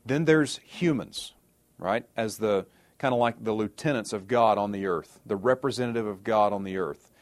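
This Bible teacher delivers a sermon conversationally in a lowish male voice at a moderate pace. He frequently checks in with his listeners and tosses in sarcastic asides.

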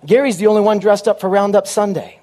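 A man preaching a sermon as a comic story, punchy and animated, with quick asides to the crowd. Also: sits high, a little hiss or hum.

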